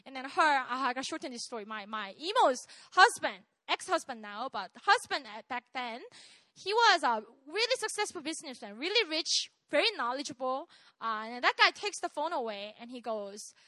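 A young woman, telling a personal testimony in an animated way, laughing often and checking in with "right?". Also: high-pitched, moderate pace, dry recording. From South Korea. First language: Korean. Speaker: speaker sharing a testimony.

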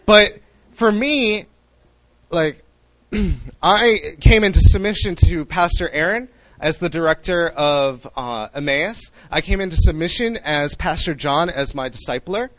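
A young man preaching a sermon in an animated way, acting out the voices he quotes. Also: fairly high pitch, a little slow, no echo, poor audio.

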